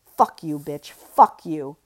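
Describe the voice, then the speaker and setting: A woman's voice: lowish voice, big pitch swings, moderate pace, mellow, voice pushed up. A woman voicing Ellie, a frustrated woman at a meeting, exasperated and swearing under her breath. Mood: furious.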